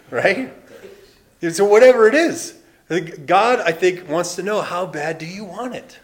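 Animated, lively man preaching a sermon. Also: fairly high pitch, moderate pace. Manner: animated, acts out voices, laughs often. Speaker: pastor. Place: church building.

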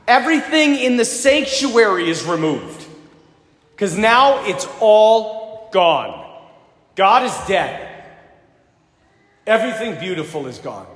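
A priest delivers a sermon with a high, bright pitch that swoops up and down as he tells his stories. His voice carries through a large church with a long, ringing reverb. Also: unhurried, pauses often. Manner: animated storyteller, acts out children's voices.

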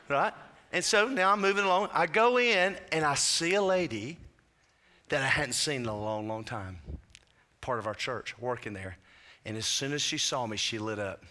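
A man's voice: fairly high pitch, bright, forceful tone. A man preaching a sermon as pastor, telling stories in a chatty way with asides. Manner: storytelling preacher, conversational asides.

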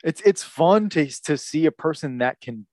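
A man's voice: on the high side, expressive, moderate pace, darkish tone, dry recording. Podcast cohost guy, kinda hesitant, laughs a lot, dry mic. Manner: hesitant, lots of fillers and restarts, laughs a lot. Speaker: podcast co-host. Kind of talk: casual chat.

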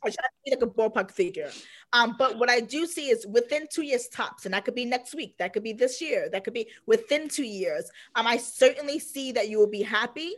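A woman's voice: on the high side, lively intonation, brisk. A woman giving a casual psychic reading, speaking with assurance and emphatically repeating her points. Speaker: psychic reader.

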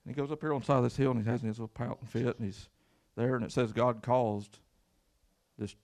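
A man's voice: mid-range voice, fairly even intonation, fast talker, darkish tone. A man preaching a sermon as pastor, folksy and emphatic, with repeated words and call-outs to the congregation. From Kentucky.

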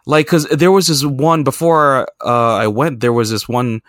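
Recorded in a clean studio with no room sound, this man hosts a podcast and chats casually through travel tales that wander, swear, and poke fun at himself. His mid-range voice is a bit bright, keeping a measured pace and fairly even intonation.

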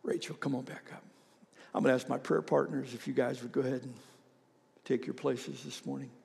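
A male pastor telling a story in a sermon, animated, climbing to high shouts at the peaks and dropping to soft whispers. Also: brisk, creaky, husky. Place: church sanctuary. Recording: long reverb of a large hall.

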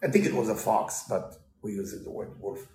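A man's voice: lowish voice, normal speed, vocal fry, a little mellow. A man giving a storytelling Torah lesson in broken English, mixing in Hebrew quotes. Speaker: Torah teacher. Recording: roomy echo.

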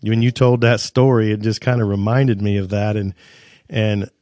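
Low, flat-voiced man, halting host. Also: no echo, studio quality. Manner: hesitant, halting storyteller. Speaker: podcast host. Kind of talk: casual interview chat.

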